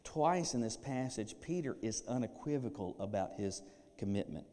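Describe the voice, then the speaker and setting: A pastor delivering a sermon, animated, breaking into playful acted asides. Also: male voice, fairly low pitch, normal speed. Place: church sanctuary. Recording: long reverb of a church hall.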